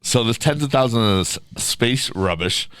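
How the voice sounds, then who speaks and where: A man co-hosting a podcast, telling a story in a relaxed, casual way. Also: medium pitch, moderate pace, clean tone, no room sound. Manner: laid-back storyteller, drops into quoted voices. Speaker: podcast co-host.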